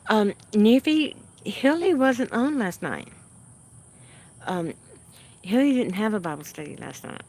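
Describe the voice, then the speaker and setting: A woman's voice: medium pitch, lively intonation. A woman hosting a livestream, chatting casually with her viewers and answering their comments in a homey way. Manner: unhurried and homey, answering chat comments with frequent soft laughs. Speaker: livestream host.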